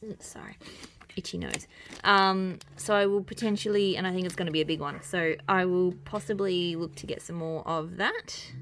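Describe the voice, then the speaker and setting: Chatty Australian woman, somewhat low voice. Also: normal speed, fairly bright tone. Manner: rambling and chatty, with many ums and restarts. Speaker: wax melt collector showing her stash. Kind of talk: casual chatty tour. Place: home with noises around. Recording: noisy home recording.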